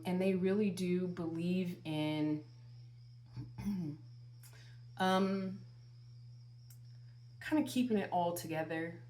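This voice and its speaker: A woman tarot reader gives channeled spiritual guidance straight to her viewers. Her voice sits a little low and she takes her time, stretching each phrase. She repeats herself for emphasis and piles up one rhetorical question after another.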